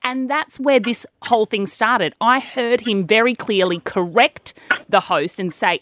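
A woman's voice: fairly high pitch, unhurried, a bit bright, no echo. A woman, co-hosting a radio show with playful, argumentative banter. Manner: playful, argumentative, laughs often. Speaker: radio co-host.

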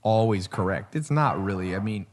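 A man's voice: on the low side, expressive, moderate pace. Male podcast host, casual and rambling, acts out quotes mid-story. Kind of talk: casual chat.

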